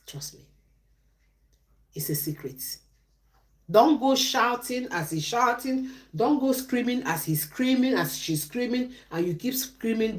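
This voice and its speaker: A middle-aged woman, giving relationship advice on a live stream in a preachy way, asking questions and answering them herself. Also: on the low side.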